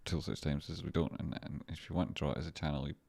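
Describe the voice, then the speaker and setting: A man with a deep, low voice talks casually on a live stream, answering his chat and wandering through his points in a loose, rambling way. He sounds relaxed and chatty, restarting and circling back as he goes. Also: very fast, gravelly, husky. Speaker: livestream host doing stock chart analysis.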